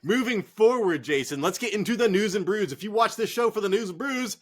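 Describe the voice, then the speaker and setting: A man's voice: high voice, lively intonation, fairly quick. A man co-hosting a casual sports chat show, joking, laughing and swearing as he talks. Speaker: podcast co-host. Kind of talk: casual chat while drinking.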